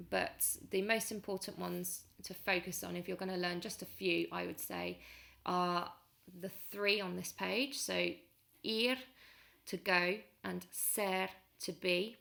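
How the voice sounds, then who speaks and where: A woman's voice: lowish voice, vocal fry, a bit bright. A woman, patiently explaining a grammar lesson step by step as a language teacher.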